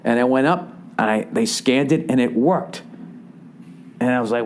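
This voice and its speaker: A man in his forties talks his way through a long comedic story on his podcast, swearing freely and rambling from one thought to the next. His pitch sits in an ordinary middle range. Now and then he slips into short acted voices for the people in the story. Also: moderate pace, a little hiss or hum. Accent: Boston. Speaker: podcast host. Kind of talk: casual comedic monologue.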